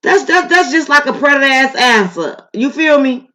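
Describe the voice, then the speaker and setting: A woman's voice: sits high, lively intonation, normal speed, pushed and bright. A woman from Chicago hosting a reaction video, giving blunt, profane commentary in a casual way.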